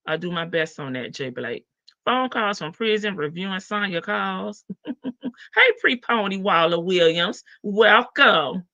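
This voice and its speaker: A woman's voice: medium pitch, lively intonation, measured pace, pushed and bright, no room sound. A woman with a Southern US accent hosting a casual livestream, gossiping, laughing and teasing her chat readers. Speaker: livestream host. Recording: dull lo-fi stream audio.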